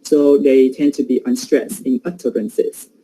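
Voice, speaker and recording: A man's voice: medium pitch, level tone, unhurried, warm tone, slight background noise, low-quality recording. A man giving an academic presentation on pronunciation, hesitant and full of fillers.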